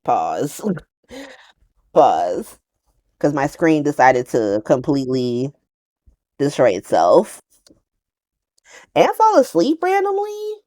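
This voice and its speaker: Lively chatty woman, low voice. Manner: animated, chatty, slangy and profane, laughs often; does quick playful voices for quoted characters. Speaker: soap opera recap vlogger. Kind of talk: casual talk-to-camera recap.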